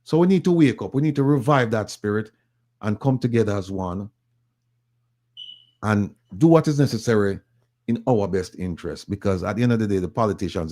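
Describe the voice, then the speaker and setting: Low, mellow Jamaican man urging listeners. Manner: emphatic, repetitive urging. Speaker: activist speaker. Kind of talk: online group audio chat.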